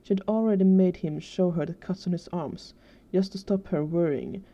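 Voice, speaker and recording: A woman with a low, mellow voice reads a fan story aloud at an even pace. The recording sounds dull and lo-fi. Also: normal speed. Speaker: fanfiction reader.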